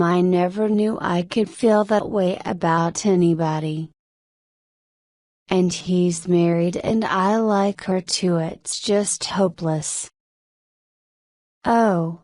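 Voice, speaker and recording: A woman's voice: lowish voice, fairly even intonation, slow, darkish tone, dry recording, studio quality. Woman reading a lovesick young actress. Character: young actress desperately in love.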